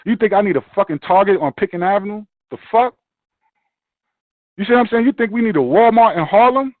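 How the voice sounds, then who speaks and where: Brief: fired-up New guy, slightly high voice, dry and tinny sound, swears a lot. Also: brisk, no room sound. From Brooklyn, New York. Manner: profane, animated ranting. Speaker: podcast host. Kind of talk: casual chat.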